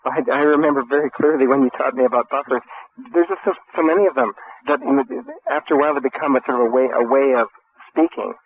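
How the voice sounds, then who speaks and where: Quick-talking man on a tinny line. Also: medium pitch. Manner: quick, agreeable, slightly halting. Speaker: co-host interviewer. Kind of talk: conversational interview. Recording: tinny phone-line sound with faint hiss.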